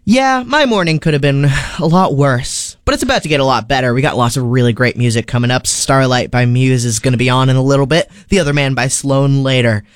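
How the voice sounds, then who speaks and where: A man's voice: mid-range voice, brisk, hardly any pauses, clear, resonant tone, dry recording. A man hosting a radio show in a studio, chatting casually with a sarcastic manner. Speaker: radio host.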